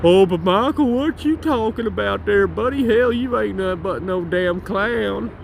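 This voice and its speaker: A whiny, sneering fan voice, pitched way up high, as a man mocks his viewers by putting it on. It nags and taunts in a put-on parody voice. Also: normal speed, gravelly, a little hiss or hum. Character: whiny mocking male fan nagging about a game.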